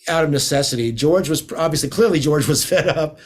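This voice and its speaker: A man's voice: on the high side, fast, breathy edge. A man from the United States, a guest guitarist, chatting casually in an interview as an enthusiastic, rambling storyteller.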